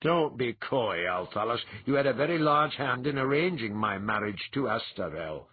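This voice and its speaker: A man's voice: medium pitch, lively intonation, moderate pace, husky, dry recording, narrow, tinny audio. Man doing an earnest, loyal chieftain.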